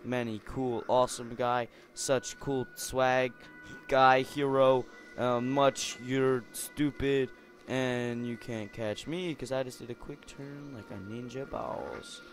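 A young man giving silly, rambling commentary on a game, jumping from mumbles to squealing shouts. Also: medium pitch, flat delivery, slow, soft background music. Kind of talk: goofy gameplay commentary.

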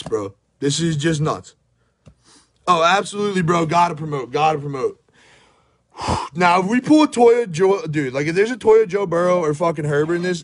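A young man with a hoarse, worn-out voice, frantically narrating a card pack opening at home, swearing and shouting in disbelief while filming on his phone. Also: fairly high pitch. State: hoarse, voice shot. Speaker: sports card pack breaker. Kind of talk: hyped live pack-opening commentary. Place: at home by a table.

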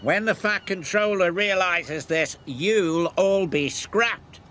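A man's voice: high voice, slow pace, a little hiss or hum, voice pushed up. A man doing a sneering diesel engine. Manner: sneering, drawn out. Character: spiteful male diesel engine. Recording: loud background music.

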